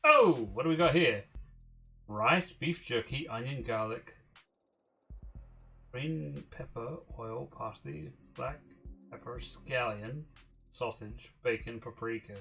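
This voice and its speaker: A streamer talks through his choices out loud, casual and now and then profane. His tone is bright and crisp, at a middling pitch. Soft music plays faintly behind him. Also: slow, pauses often. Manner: musing aloud, mildly profane. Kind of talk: casual livestream commentary.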